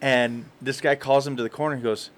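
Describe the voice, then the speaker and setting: A man co-hosting a casual podcast, telling stories in quick, animated bursts and laughing often. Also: mid-range voice, crowd noise. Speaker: podcast co-host. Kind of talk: casual chat.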